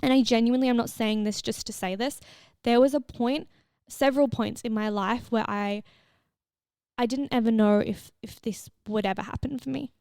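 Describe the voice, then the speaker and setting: A young woman hosts a solo podcast with a somewhat high voice, chatting candidly and swearing freely. She is recorded close on a mic in a dry, dead room with no echo. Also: fairly even intonation, moderate pace, darkish tone, clean tone. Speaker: podcast host and fitness coach. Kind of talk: casual solo podcast chat.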